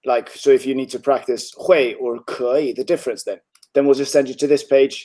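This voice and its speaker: A man with a mellow, dark voice at a middle pitch, tutoring a student one on one. He talks in a relaxed, encouraging way, often clearing his throat and filling pauses with ums. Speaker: Chinese tutor. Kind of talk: online tutoring session.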